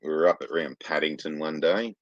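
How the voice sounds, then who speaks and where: Crude deep-voiced Australian man. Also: a little fast, no echo, lo-fi sound. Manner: profane, rambling anecdotes, heavy swearing. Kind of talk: crude casual chat.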